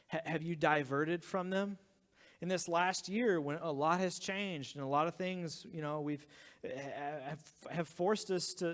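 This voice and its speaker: A man in his thirties preaching a sermon as a pastor, talking earnestly and dropping to a hushed whisper for emphasis. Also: on the high side. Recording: long hall reverb.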